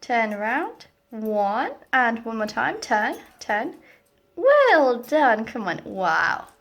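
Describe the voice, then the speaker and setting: A woman's voice: a little high, sing-song, slow, gravelly, a bit bright. A woman talking to her pet parrot in playful baby talk, coaxing it with short, repeated cues in a sing-song way, at home.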